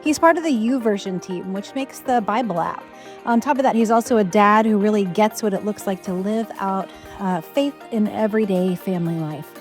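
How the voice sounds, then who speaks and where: A woman's voice: medium pitch, moderate pace, soft background music. Upbeat woman pastor hosting a podcast. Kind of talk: scripted podcast intro.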